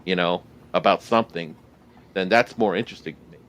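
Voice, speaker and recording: A man co-hosting a podcast, chatting casually about a film and pausing often with filler sounds. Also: low-pitched, a bit bright. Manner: hesitant, many filler pauses. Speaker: podcast co-host. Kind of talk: casual movie discussion.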